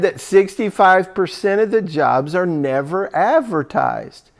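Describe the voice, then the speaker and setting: A man's voice: high voice, expressive, unhurried, few pauses. A man giving a conversational coaching talk to job seekers, acting out sample phone calls as he goes.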